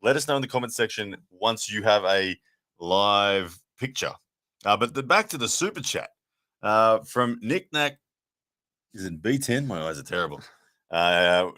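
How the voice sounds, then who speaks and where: A man's voice: fairly low pitch, pushed and bright. A man hosting a late-night live watch party stream, chatting casually and thanking viewers, tired. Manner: upbeat, thanks viewers often.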